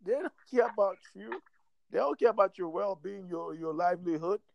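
High-voiced gravelly man ranting. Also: brisk, a little mellow, no room sound, muffled recording. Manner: rambling, profane, laughs often. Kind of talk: casual chat.

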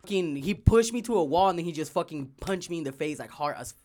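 A man's voice: fairly high pitch, quick pace, slight background noise. A young man co-hosting a podcast, telling a story in a casual, profane way and acting out what people said. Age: young adult. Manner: profane, animated retelling with quoted dialogue. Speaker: podcast co-host.

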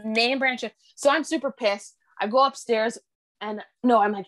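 Young woman telling a story, high voice. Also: normal speed, no room sound. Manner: animated, swears freely, laughs through her story. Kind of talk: casual storytelling chat.

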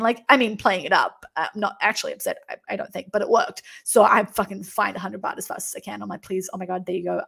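A young woman recounting her travels in a loose, chatty way, peppering her talk with filler words. Her voice carries a steady vocal fry at a mid pitch. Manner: chatty, frequent "like" fillers and laughter. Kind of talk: casual travel storytelling.

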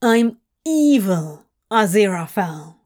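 A woman's voice: on the high side, lively intonation, slow pace. A woman voicing a brooding male demon with a sardonic, sneering way of talking. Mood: snarky.

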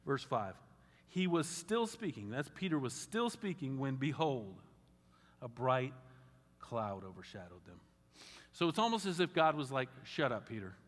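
Animated man preaching in a reverberant hall. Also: mid-range voice, unhurried. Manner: conversational, animated, wry asides. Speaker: pastor. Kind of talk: sermon. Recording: long reverb of a large hall.

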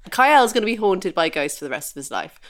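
A woman hosting a casual chat and running a game, playful and quick to laugh. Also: medium pitch, very animated, slight background noise. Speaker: podcast host running a game.

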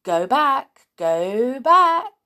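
A woman voicing a mischievous, boastful male pixie in a storybook reading, talking in an excited, cheeky way. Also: fairly low pitch, takes it slowly, breathy edge, exaggerated voice. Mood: gleeful.

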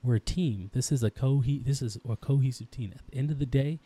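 A podcast co-host in his thirties has a mid-range, dark, husky voice and talks briskly. On the casual podcast he speaks intensely about his daughters, rambling and restarting often.

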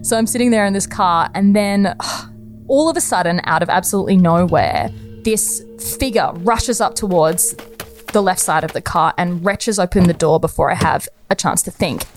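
A woman's voice: lowish voice, normal speed, faint music behind. A young woman telling a personal anecdote in a chatty, conversational way, laughing often. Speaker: storyteller.

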